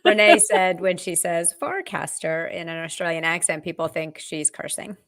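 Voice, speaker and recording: A woman's voice: on the low side, moderate pace, a bit bright. A woman co-hosting a casual livestream, playful and teasing with dry quips. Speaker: co-host.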